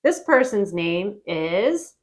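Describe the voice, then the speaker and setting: A woman giving a casual travel-phrase lesson, friendly and repeating phrases slowly for learners. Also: mid-range voice, big pitch swings. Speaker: Spanish teacher.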